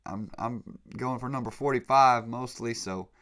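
A man putting on a loud New Jersey fan voice. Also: unhurried, lightly acted. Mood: joking. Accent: New Jersey (put on). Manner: boisterous, joking, high and loud. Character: loud, friendly male sports fan with a put-on New Jersey accent.

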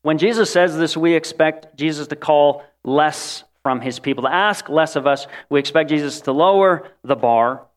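A man preaching a sermon in an animated way, acting out the voices of the people he quotes. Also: fairly high pitch, moderate pace, few pauses.

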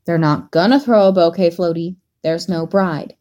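A woman reading a story aloud, voicing a gruff, hot-tempered young man with a low, growling delivery. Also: moderate pace, mellow, dull audio, close to an everyday voice. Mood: exasperated.

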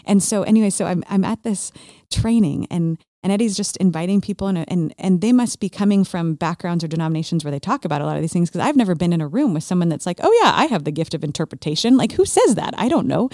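A woman in her forties telling a personal faith story in casual conversation, animated and acting out her own past thoughts. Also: on the low side, fast talker, dry recording, clean studio sound. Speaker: guest sharing a faith testimony.

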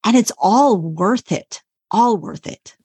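A woman's voice: mid-range voice, expressive, slow, darkish tone, breathy edge, no echo. A woman guest on a podcast, earnestly sharing a faith testimony with conviction. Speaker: guest, YouTuber. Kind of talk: faith-based testimony in interview.

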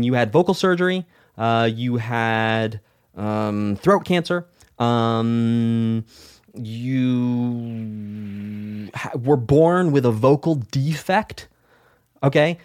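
A man coaching music students in an energetic, repetitive way, giving casual advice and telling stories. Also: mid-range voice. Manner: energetic, repetitive, storytelling with acted quotes.

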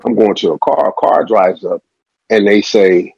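A man's voice: low-pitched, moderate pace, a little mellow, breathy edge, no echo. A man telling a long story in a rambling, profane street manner as a podcast guest. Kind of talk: storytelling interview. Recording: dull lo-fi sound.

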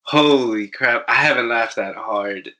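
A man's voice: mid-range voice, measured pace, pushed and bright. A man, a coaching client, chatting casually, amused and laid-back, often saying "dude". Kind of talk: casual chat on a call.

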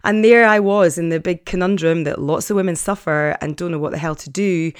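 A woman's voice: lowish voice, a little fast, dry recording, studio quality. A woman in her late forties or fifties, a former TV presenter, chatting openly about her life with lots of fillers and restarts. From Scotland. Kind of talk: personal storytelling to camera.

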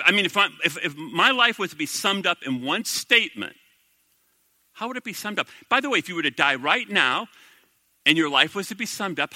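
Animated, bright-voiced male pastor preaching. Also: high voice, no room sound. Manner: animated, conversational preaching with rhetorical questions. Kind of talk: sermon.

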